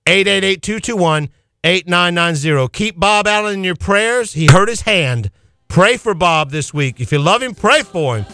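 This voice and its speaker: A man reads brisk, informal closing announcements for a radio ministry. His voice sits high and bright, and he talks in a friendly, hurried way. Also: lively intonation, clear, resonant tone, no echo, clean studio sound.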